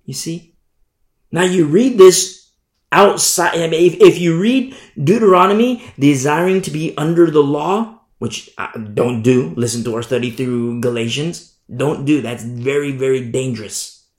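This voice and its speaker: A man's voice: on the high side, a little slow. A man preaching a sermon in an emphatic way, often asking "you see?". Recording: echoey room.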